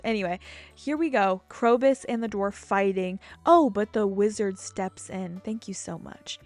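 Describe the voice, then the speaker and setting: A young woman in her twenties commentating casually over her gameplay, rambling from topic to topic, getting excited and swearing freely. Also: medium pitch, moderate pace. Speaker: gaming YouTuber. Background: faint game music.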